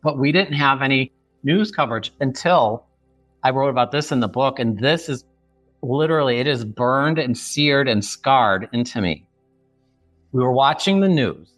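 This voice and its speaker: A man's voice: medium pitch, lively intonation, moderate pace, a bit bright, dry recording, faint music behind. A man in his fifties from the Chicago area, a book author sharing an emotional personal story as a podcast guest and acting out remembered dialogue. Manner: vivid retelling that acts out remembered dialogue.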